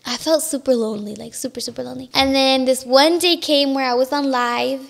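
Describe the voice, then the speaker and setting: A woman's voice: sits high, steady tone, a little fast, creaky. A young woman, a podcast guest, telling a personal story in an emotional, casual way, switching between English and Spanish with lots of "like".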